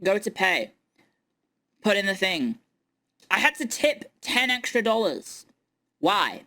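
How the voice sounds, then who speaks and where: A woman's voice: medium pitch, sing-song, takes it slowly, bright, forceful tone. A young woman streaming, ranting in casual chat with incredulous outbursts. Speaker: VTuber streamer.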